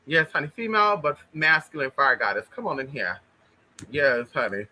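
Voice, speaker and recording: A man's voice: a little high, very animated, moderate pace, pushed and bright. A man hosting a casual livestream, greeting viewers one by one in a flamboyant, blunt and profane way, calling everyone honey. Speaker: livestream host.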